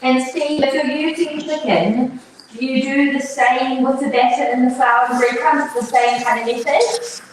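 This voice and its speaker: A woman's voice: high voice, steady tone, moderate pace. A woman moderating a live online cooking event, politely passing on viewers' questions to the chef. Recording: very echoey, distant from the mic, faint noise.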